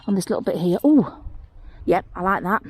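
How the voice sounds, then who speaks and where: A woman chats her way across an outdoor hillside. She talks half to herself and half to the viewer, and she gets easily excited over little things she spots. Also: medium pitch, a little fast, slightly rough. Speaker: mudlarking vlogger. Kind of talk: casual running commentary while searching. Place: outdoors on a hillside rubbish tip.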